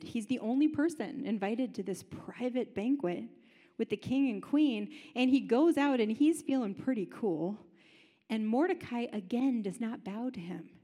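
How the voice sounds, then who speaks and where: A woman preaching a sermon in a chatty, animated and humorous way, in a large high-ceilinged room. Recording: long hall reverb.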